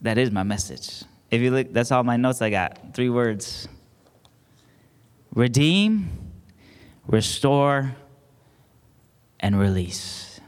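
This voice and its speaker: A man's voice: medium pitch, slow pace, clear, resonant tone. Preaching man in a reverberant hall. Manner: call-and-response preaching, builds emphasis. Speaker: pastor. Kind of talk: sermon. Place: church sanctuary.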